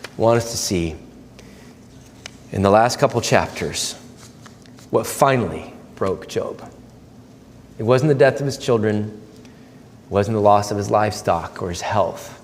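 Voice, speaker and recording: A man preaching a sermon as pastor, earnest, swinging from loud, lively quoted asides to low, hushed emphasis. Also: measured pace, pauses often, long reverb tail, slight background noise. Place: church sanctuary.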